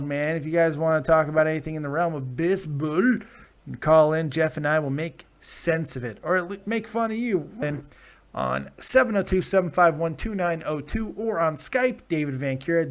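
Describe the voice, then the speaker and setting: A man's voice: fairly high pitch, fairly bright tone. A tired man hosting a live reaction stream, casually reading chat comments aloud with plenty of swearing and laughter. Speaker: live-stream show host.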